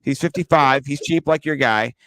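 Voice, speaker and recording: A man co-hosting a casual fantasy football show, joking and swearing through lively banter. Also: mid-range voice, moderate pace, no room sound. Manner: joking, profane, animated banter. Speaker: podcast co-host.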